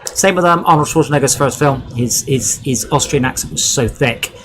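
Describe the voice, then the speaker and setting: A man's voice: medium pitch, moderate pace, noisy background. A man with a broad Devon accent, chatting and joking while he streams a game, drifting off onto tangents. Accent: West Country, Devon. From Devon, England. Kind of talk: casual chat while playing a game.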